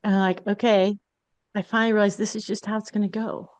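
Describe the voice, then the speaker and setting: A woman's voice: medium pitch, flat delivery, racing, no echo. A woman podcast host telling a personal story in a candid, confessional way.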